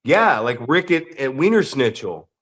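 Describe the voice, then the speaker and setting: A man's voice: medium pitch, big pitch swings, a little slow, fairly bright tone. A man co-hosting a wrestling podcast, telling crude rambling stories in casual chat and slipping into quoted voices. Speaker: podcast co-host.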